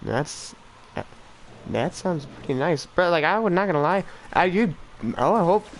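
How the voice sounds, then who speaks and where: A man's voice: fairly high pitch, expressive, moderate pace, a little hiss or hum, rough recording. A teenage boy chatting casually on a game stream, rambling and self-deprecating, often trailing off and restarting. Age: teens. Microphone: desk mic for streaming.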